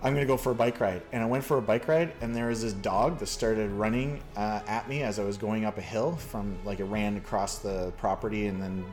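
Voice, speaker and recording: A man's voice: on the low side, a little fast, hardly any pauses, darkish tone, soft background music. A man from Canada hosting a casual chat, rambling through a story with lots of fillers. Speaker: podcast host.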